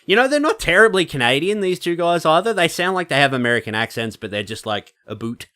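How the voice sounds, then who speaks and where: A man's voice: on the high side, sing-song, quick pace, pushed and bright. A man with an Australian accent co-hosting a casual podcast, joking and swearing as he reads out facts. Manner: profane, joking banter. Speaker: podcast co-host.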